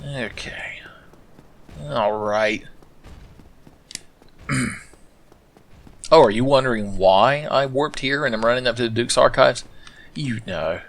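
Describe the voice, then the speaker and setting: A man's voice: medium pitch, normal speed, vocal fry, long pauses. A man commentating his own gameplay with sarcastic, profane, rambling asides. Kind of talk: let's play commentary.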